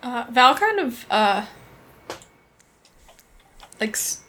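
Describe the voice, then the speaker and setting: A woman's voice: a little high, very animated, drawn-out words, pushed and bright. A woman playing a tabletop game, tentatively narrating her character's actions. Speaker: player.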